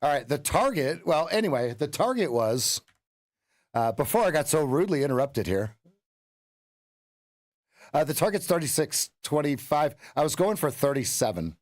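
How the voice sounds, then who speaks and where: A man's voice: fairly high pitch, very animated, normal speed, pauses often. A man coaching a live day-trading stream, swearing and laughing at his own losses.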